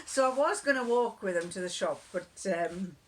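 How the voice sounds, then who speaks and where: A woman's voice: medium pitch, animated, measured pace, a little hiss or hum. A woman chatting casually to camera, rambling and digressive as she tells homely stories. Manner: rambling, digressive, laughs often. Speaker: vlogger.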